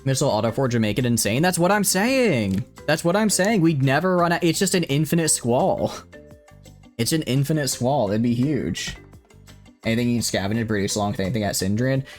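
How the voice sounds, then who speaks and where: A man streaming a game live, thinking aloud excitably and chatting with viewers, with hiccups. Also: medium pitch, fairly quick, soft background music. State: has hiccups. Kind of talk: live gameplay commentary.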